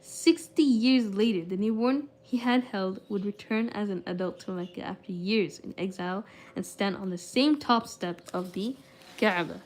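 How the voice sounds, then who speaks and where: A woman's voice: mid-range voice, moderate pace, darkish tone, slight background noise. A young woman streamer reads a book aloud with frequent stumbles and restarts, then breaks off into loose, casual chat with her viewers, full of "like" and "I don't know".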